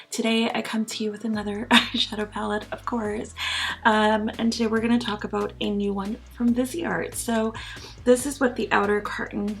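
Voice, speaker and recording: A woman's voice: mid-range voice, gravelly. A woman vlogger chatting casually and enthusiastically while reviewing makeup, with frequent ums and little laughs. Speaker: beauty vlogger.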